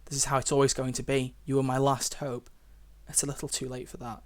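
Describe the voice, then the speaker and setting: A young man streaming, reading a visual novel aloud and breaking off into emotional, loud reactions. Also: medium pitch, flat delivery, fairly quick. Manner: emotional, swings from hushed reading to loud exclamations.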